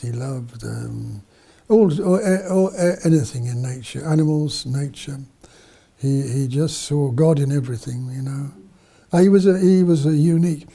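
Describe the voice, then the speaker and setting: A man's voice: medium pitch, warm tone, breathy edge. A man, a priest and missionary, telling stories in an interview, rambling with many fillers and restarts. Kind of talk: storytelling in an interview.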